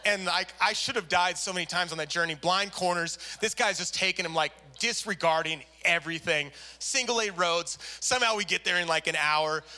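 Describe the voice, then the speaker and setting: A man's voice: high-pitched, sharp tone. A man preaching a sermon, telling a story animatedly and acting out the people in it. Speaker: pastor.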